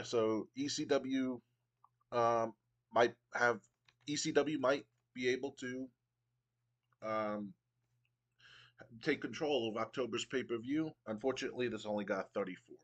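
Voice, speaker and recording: A man's voice: medium pitch, rough recording. A man casually narrating his wrestling game playthrough, rambling with frequent ums and restarts. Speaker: game streamer.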